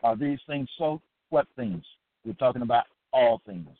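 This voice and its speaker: Speaking at a moderate pace with medium pitch, this man preaches as a religious teacher, asking the same kinds of rhetorical questions over and over and capping statements with "okay?". It sounds like a thin, dry phone line.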